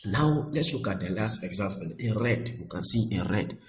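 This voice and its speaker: A man teaching Arabic grammar, often repeating himself and checking with "I hope that is clear.". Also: on the low side, animated, moderate pace, a little hiss or hum, low-quality recording. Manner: restarts and repeats words often. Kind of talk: explaining Arabic grammar on screen.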